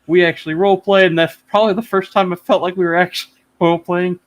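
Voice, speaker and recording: Excitable man rambling over a video call. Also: sits high, fast talker. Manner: excited, rambling, swears freely. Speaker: interview guest. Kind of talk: casual chat. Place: home.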